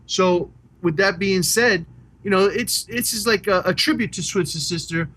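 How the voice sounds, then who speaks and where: A man's voice: sits high, unhurried, fairly bright tone. Enthusiastic middle-aged New man. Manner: enthusiastic, rambling, swears casually. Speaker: podcast co-host. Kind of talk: casual chat about rock music.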